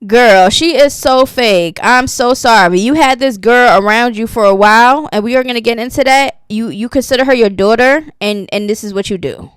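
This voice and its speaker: A woman's voice: a little high, a little fast, hardly any pauses, a bit bright, smooth, dry recording, clean studio sound. A woman giving sassy, casual gossip commentary, reading posts aloud and reacting to them. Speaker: commentary channel host.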